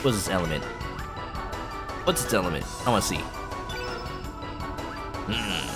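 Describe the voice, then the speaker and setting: A man's voice: deep voice, lively intonation, measured pace. A man streaming a video game, joking playfully and slipping into silly voices. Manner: playful, jokey, slips into voices. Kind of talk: gaming commentary. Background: game music.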